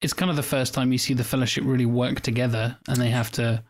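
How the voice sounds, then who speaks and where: An enthusiastic man talking through a film scene in a chatty way. He leans on fillers and acts out the characters' lines in passing, at a mid pitch. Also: fairly even intonation, fast talker. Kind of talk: casual film discussion.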